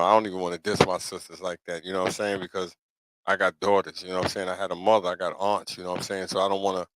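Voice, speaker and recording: A man's voice: deep voice, fairly bright tone, no echo, poor audio. A middle-aged man hosting a live talk show, talking casually and preachily to his viewers and asking "you know what I'm saying?" again and again. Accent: New York. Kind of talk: casual livestream monologue.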